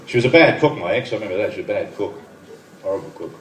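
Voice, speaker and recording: Deadpan Australian stand-up man, echoey room. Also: fairly low pitch, very fast. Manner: deadpan one-liners, chatty asides to the crowd. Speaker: stand-up comedian. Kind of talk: stand-up routine. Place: benefit night venue, live room. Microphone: far phone recording. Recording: echoey far phone recording, noisy room. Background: crowd laughter and room noise.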